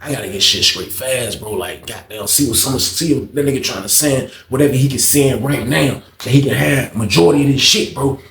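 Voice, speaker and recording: A man voicing a strung-out adult man who swears a lot and keeps saying "man", low and muttered. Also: a little fast, hardly any pauses, fairly bright tone, slight background noise, lightly acted. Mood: urgent. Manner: profane, grumbling, says "man" constantly. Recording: echoey room, faint ambience.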